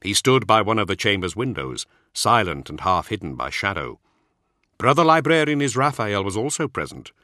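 A man narrating an audiobook in a steady, expressive scripted reading. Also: fairly low pitch, normal speed, no room sound, studio quality.

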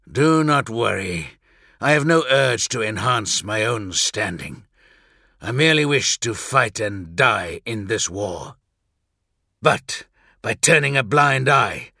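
A man voicing a weary, blunt male warrior huntsman, speaking in a measured, grim way. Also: lowish voice, creaky, pushed and bright, slightly rough, no room sound, clean studio sound, full character voice.

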